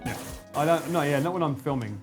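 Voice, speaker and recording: A man's voice: on the high side, fast. Chatty Essex man over faint music. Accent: Essex English. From England. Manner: animated, swearing, slips into broad slang. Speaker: streamer. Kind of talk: casual chat with a co-host and live chat.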